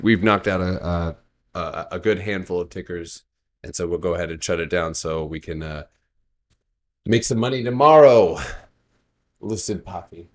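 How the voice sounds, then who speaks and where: A man hosting a casual stock trading livestream, reading charts and joking with his chat. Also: low voice. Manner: laid-back, joking with chat, laughs often.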